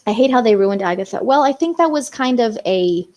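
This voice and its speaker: A young woman hosts a casual live stream, chatting with viewers and reading their comments aloud, her speech full of "um" and "you know." Her voice is a little high and darkish in tone, and she talks in an animated, fairly quick way.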